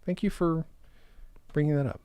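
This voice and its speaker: A man's voice: normal speed, smooth, no echo. A man in his thirties co-hosting a comedy podcast, joking around in casual banter and laughing often. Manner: animated, giggly, riffs into silly high voices. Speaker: podcast co-host.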